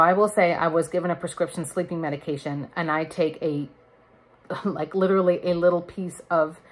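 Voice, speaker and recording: Chatty woman in her thirties, lowish voice. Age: 30s. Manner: chatty, candid, laughs between words. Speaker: vlogger. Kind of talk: casual chat.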